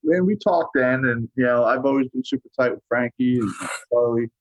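A man's voice: medium pitch, brisk, muffled recording. A man from New York, a musician and guest, chatting from his home studio and rambling with constant "you know"s. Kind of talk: casual interview chat.

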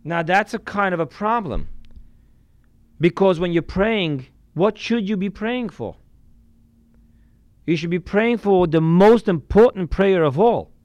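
A man preaching a sermon as a rabbi, emphatic, with sudden swings between loud and quiet, and dropping in Yiddish and Hebrew religious terms. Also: high-pitched, animated, measured pace, long pauses, no echo, dull audio.

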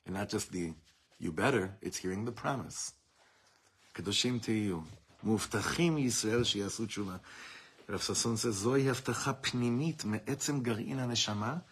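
A man's voice: medium pitch, slightly rough. A man teaching a Torah class to a room of students, talking it through with many restarts and quoting Hebrew texts. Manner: warm, searching delivery with many restarts and Hebrew quotes.

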